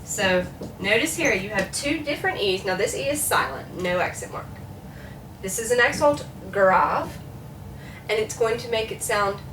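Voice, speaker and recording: A woman's voice: mid-range voice, far from the mic, background noise. Woman teaching French in an echoey room. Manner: chatty, repeats words to model pronunciation. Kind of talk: classroom lecture.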